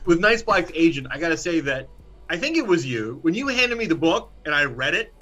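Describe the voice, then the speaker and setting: A man's voice: on the high side, big pitch swings, a little fast, sharp tone, muffled recording. A man in a casual chat, recalling a character he played in a genial, playfully grand way.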